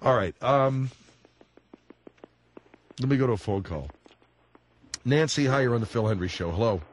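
A man hosting a call-in radio show, his pitch swinging widely as he questions and scolds his guests. He speaks with a medium pitch and keeps a firm hold on the conversation. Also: animated, moderate pace. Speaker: radio talk show host.

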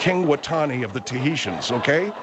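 A man's voice: mid-range voice, expressive, brisk, over loud music. A man hosting a call-in comedy radio show, indignant and wry, rambling through his complaints.

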